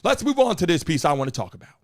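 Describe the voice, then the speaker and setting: A man's voice: on the high side, very animated, rapid-fire, no room sound, clean studio sound. Hyped live-stream host, man. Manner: loud, hyped, swearing, rallying the chat. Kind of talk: energetic live-stream talk to chat. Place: studio.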